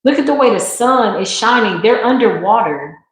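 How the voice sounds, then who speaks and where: A woman's voice: on the high side, expressive, normal speed. A woman giving a live spiritual tarot reading in a slangy, emphatic, preacherly way. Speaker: tarot reader. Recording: very echoey room.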